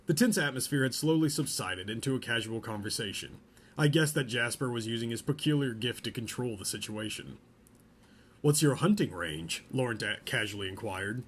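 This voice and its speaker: A man reading a novel chapter aloud in a relaxed way, stopping now and then to joke about the story. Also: medium pitch, slight background noise. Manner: reads a novel aloud, breaks off for joking asides. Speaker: podcast host reading aloud. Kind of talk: casual read-aloud with asides.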